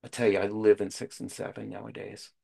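A man's voice: fairly low pitch, little pitch movement, fairly quick, vocal fry, darkish tone, breathy edge. A middle-aged man speaks frankly at a support meeting in a conversational way, full of fillers and asides. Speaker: speaker sharing at a recovery meeting. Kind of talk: personal share at a support meeting.

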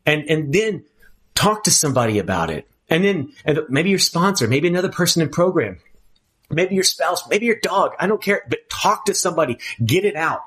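A man's voice: a little high, sing-song, moderate pace, a bit bright, husky. A man speaking candidly at a twelve-step recovery meeting, earnest and emphatic, often restarting his phrases.

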